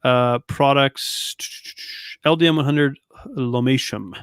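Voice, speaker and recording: A man's voice: mid-range voice, slow pace, clear, resonant tone, no echo, studio quality. A man in his thirties hosting a podcast interview, chatty and rambling with a joking streak. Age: 30s. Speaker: podcast host. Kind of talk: casual interview chat.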